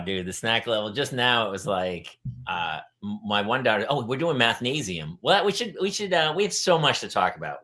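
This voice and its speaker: Animated, bright-voiced man telling stories. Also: lowish voice. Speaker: podcast host. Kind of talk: comedic storytelling chat.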